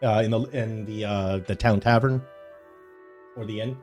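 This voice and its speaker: A man's voice: lowish voice, fairly even intonation, moderate pace, darkish tone, faint music behind. Rambling male game master. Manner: rambling with many fillers and restarts. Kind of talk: narrating a tabletop game.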